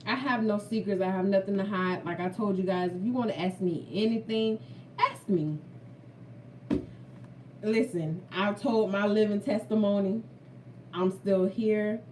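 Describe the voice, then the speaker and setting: A woman's voice: medium pitch, fairly even intonation, a little slow, darkish tone, far from the mic, slight background noise. Woman vlogger, earnest faith testimony, repeats for emphasis; recorded a bit away from the mic in a roomy space. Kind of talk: heartfelt faith talk to viewers.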